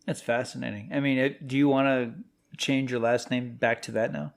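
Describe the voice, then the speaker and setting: A man co-hosts a casual movie podcast. His talk is jokey and animated, at a middle pitch. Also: moderate pace, gravelly. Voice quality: jokey, animated, breaks into silly voices. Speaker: podcast co-host. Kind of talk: casual film chat.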